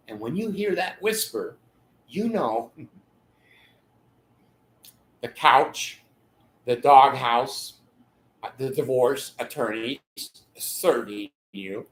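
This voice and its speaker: Slow-talking older man in an echoey room. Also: medium pitch, a bit bright. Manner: laughs mid-sentence, acts out quoted voices. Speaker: channel host giving advice. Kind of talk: rambling monologue.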